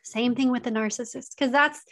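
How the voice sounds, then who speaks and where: A woman's voice: a little high, fairly even intonation, moderate pace. A woman giving earnest, conversational advice straight to her audience, repeating her key points and using casual fillers. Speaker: advice speaker on emotional abuse. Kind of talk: direct-to-camera advice talk.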